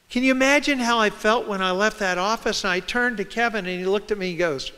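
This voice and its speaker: A man speaks to a hall audience in a high, bright, smooth voice. He tells a personal story and acts out the voices of the people in it. The sound carries the long reverb of a large room. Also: quick pace, hardly any pauses. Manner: storytelling, acting out quoted voices. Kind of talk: public talk.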